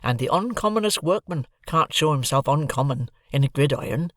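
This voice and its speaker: A man playing a slow rustic blacksmith. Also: a little high, expressive, fairly bright tone, no echo, clean studio sound. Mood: ponderous. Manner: slow, ponderous rustic dialect speech. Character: slow, kindly, plain-spoken village blacksmith.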